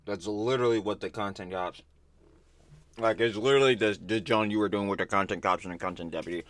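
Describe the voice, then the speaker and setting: A man's voice: fairly low pitch, fast talker, a bit bright, dry recording. A man hosting a reaction video, heckling in an exasperated, slangy casual way.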